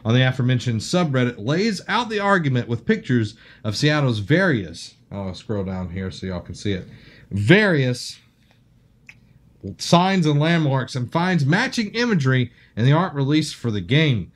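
A man co-hosts a casual podcast. He jokes, teases his co-host and reads sponsor copy loosely. His voice sits mid-pitch, relaxed and everyday. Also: normal speed.

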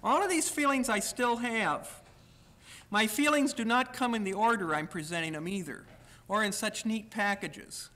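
A man's voice: high-pitched, moderate pace, bright, forceful tone. A man giving a university lecture, speaking candidly in the first person and at times reading aloud from his own writing.

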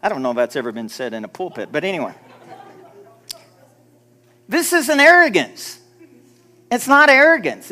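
A man preaching a sermon as pastor, animated, acting out timid prayers in a hushed voice. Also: very high-pitched. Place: church sanctuary.

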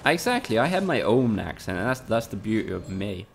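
A man's voice: lowish voice, big pitch swings, brisk, vocal fry, slight background noise. A young man from Spain, chatting casually with his viewers and swearing freely while he streams a game. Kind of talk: casual live-stream commentary.

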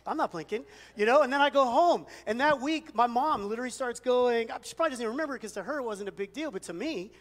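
A man with a fairly high voice delivers a sermon from a church sanctuary. He preaches conversationally, telling stories and poking fun at himself. His words trail off into a long hall reverb. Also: fast talker, few pauses, a bit bright. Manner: conversational storytelling with self-deprecating humor. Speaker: pastor.

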